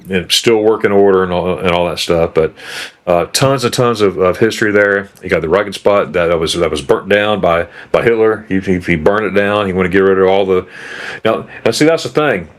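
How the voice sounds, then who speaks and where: A middle-aged man in his fifties, from the States, chats casually as the host of a travel program. His voice sits on the lower side, and he rambles from story to story, often stumbling and restarting his sentences. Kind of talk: casual chat.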